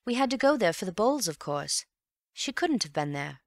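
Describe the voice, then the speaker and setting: A woman reading an audiobook and voicing an eager, excitable young Englishman who is easily puzzled, with quick, breathless exclamations. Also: mid-range voice, no room sound, clean studio sound, pitched above the performer's own voice. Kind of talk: audiobook character voice.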